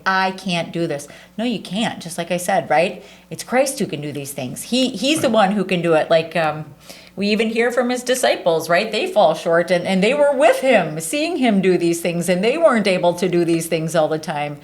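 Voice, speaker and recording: A woman in her forties speaks with a somewhat low voice. She talks earnestly and from the heart in a relaxed interview, often saying "like" and "right". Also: normal speed. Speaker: charity staff leader. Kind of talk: casual conversational interview.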